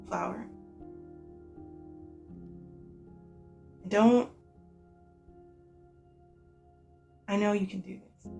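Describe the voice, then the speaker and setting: A storyteller voicing a loving woman saying a hushed, tender goodbye. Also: mid-range voice, creaky, far from the mic.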